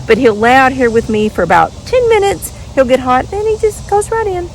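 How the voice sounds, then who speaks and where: A woman's voice: sits high, expressive, brisk, a little hiss or hum, poor audio. Chatty woman outdoors. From Western Kentucky. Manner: chatty, talks to her dogs in a sing-song voice. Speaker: vlogger. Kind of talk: casual chat to camera. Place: outdoors at home.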